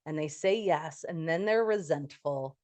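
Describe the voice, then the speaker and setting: A woman with a somewhat low voice for a woman hosts a relaxed conversation. She talks thoughtfully, working through her ideas and explaining them with plain everyday comparisons. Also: a little slow. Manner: reflective, uses everyday analogies. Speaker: podcast host and coach. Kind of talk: casual conversation.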